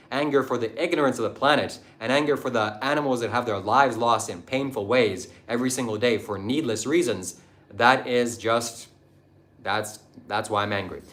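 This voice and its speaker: A man's voice: medium pitch, a bit bright. A man talking on his livestream, preachy and combative as he lectures viewers and reads out their comments. He mocks the people who disagree with him. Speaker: livestream host. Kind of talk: livestream talk answering chat.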